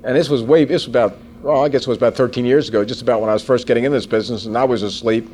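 A man in his forties giving a sales training seminar to a live audience, animated and folksy, often turning to ask the room questions. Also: mid-range voice, racing, slight background noise.

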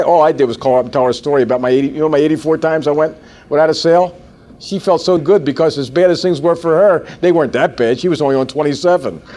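Folksy sales trainer, man in his forties, fairly high voice, lively and conversational with the room. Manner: animated, folksy, quizzes the audience. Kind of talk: seminar talk to a live audience.

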